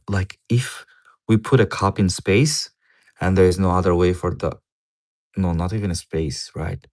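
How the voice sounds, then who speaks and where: Low-voiced man rambling on a livestream. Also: darkish tone. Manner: rambling, repeats words, swears casually. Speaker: livestreamer reading a paper. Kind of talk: casual livestream commentary.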